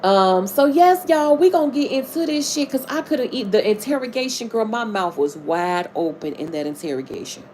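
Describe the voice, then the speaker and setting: Animated woman chatting on a live stream. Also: a little high, normal speed, hardly any pauses, a little hiss or hum. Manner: animated, chatty, swears freely, greets viewers. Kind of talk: casual live-stream chat and true-crime storytelling.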